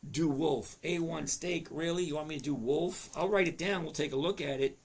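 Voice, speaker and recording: At a normal speed, a fifties-aged trading educator talks through a live lesson in a voice on the high side that cracks. He is chatty, breaks into his own sentences, and reads out comments from viewers.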